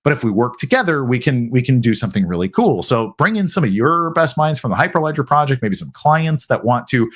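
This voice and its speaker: Live-stream host, American man, mid-pitch, loose conversational delivery with restarts. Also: expressive, fairly quick, few pauses, fairly bright tone. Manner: conversational, frequent restarts, acts out quotes. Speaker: host answering viewer questions. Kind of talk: live Q&A chat.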